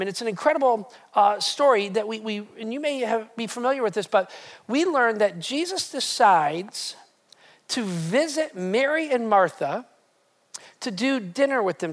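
A male pastor delivering a sermon to a live congregation, retelling scripture in a lively, conversational way with frequent restarts. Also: sits high. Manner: animated, conversational storytelling with many restarts. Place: church hall with live congregation.

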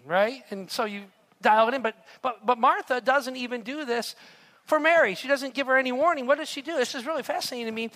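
A man preaches a sermon in an animated storytelling manner. He keeps turning to his listeners with rhetorical asides and questions. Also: extremely high pitch, fairly quick. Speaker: pastor.

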